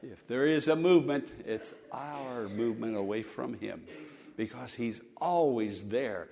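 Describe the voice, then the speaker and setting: A pastor preaching a sermon to his congregation, rising to loud emphatic peaks and dropping to hushed storytelling, leading them in call-and-response. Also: mid-range voice, lively intonation, a little slow. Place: church sanctuary with congregation.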